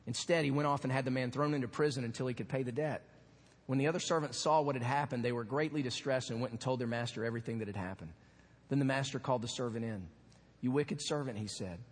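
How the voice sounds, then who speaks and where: A man pastor giving an animated, earnest sermon with asides to the congregation in a church. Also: mid-range voice, husky. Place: church sanctuary. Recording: long hall reverb.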